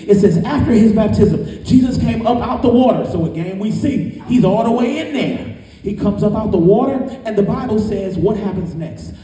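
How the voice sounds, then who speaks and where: A man's voice: high voice, mellow. A man preaching a sermon as pastor, emphatic and sing-song, heard from far off in a large hall.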